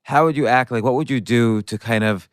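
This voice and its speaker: A man's voice: mid-range voice, brisk, clear, resonant tone, no echo, clean studio sound. A man hosting a podcast, asking curious questions and often restarting his phrases as he works them out. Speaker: podcast host. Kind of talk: interview questions.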